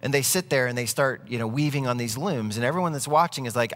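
A man's voice: medium pitch, fast talker, hardly any pauses, fairly bright tone. Earnest preacher man, echoey hall. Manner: earnest, conversational preaching with storytelling. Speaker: pastor. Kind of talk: sermon.

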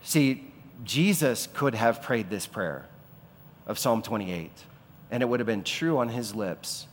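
A man's voice: fairly low pitch, expressive, slow, a little hiss or hum. A man preaching a sermon as pastor, asking rhetorical questions and swelling to impassioned peaks. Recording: long reverb of a large hall.

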